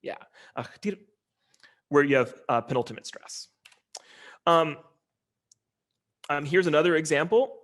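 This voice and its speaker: Relaxed man giving a casual lecture. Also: a little high, measured pace, long pauses. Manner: relaxed and conversational, with many ums and uhs. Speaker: linguistics lecturer. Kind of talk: informal academic lecture. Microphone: video call.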